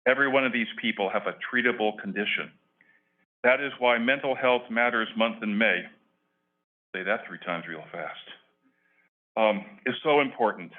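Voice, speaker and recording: A retired older man giving an earnest prepared public comment at a county board meeting, reading with emphatic pauses. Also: on the low side. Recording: phone-like lo-fi meeting audio.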